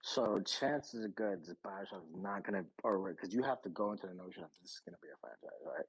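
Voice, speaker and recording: A man's voice: low-pitched, fairly quick, slightly rough, no echo, poor audio. A man hosting a casual gaming podcast, rambling and profane, with lots of restarts. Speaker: podcast host.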